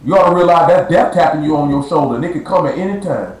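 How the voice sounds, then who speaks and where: A high-pitched man preaches in a blunt, slang-heavy street style, drawing out words to hammer a point home. His voice bounces around an echoey room on a live stream. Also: fast, a little mellow.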